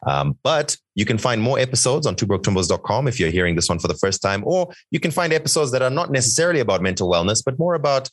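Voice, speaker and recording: A man's voice: medium pitch, very animated, fast talker, few pauses, no echo, studio quality. A man co-hosting a podcast, wrapping up the episode with a jokey sign-off. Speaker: podcast co-host. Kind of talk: casual podcast outro.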